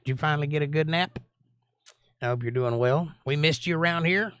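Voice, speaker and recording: A man hosts a live Bible study stream and chats easily with his viewers, greeting them by name and answering their comments. His voice sits a little high for a man. The sound is dry and close, with no room echo. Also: brisk, a bit bright, smooth. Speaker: Bible study teacher and livestream host. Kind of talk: casual livestream chat, reading viewer comments aloud.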